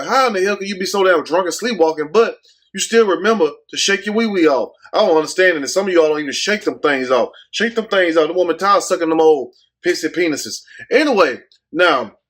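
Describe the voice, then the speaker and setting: A man's voice: fairly high pitch, a bit bright. Joking, profane man hosting a commentary video. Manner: joking, profane, talks straight to viewers. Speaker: YouTube commentary host. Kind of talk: casual commentary rant.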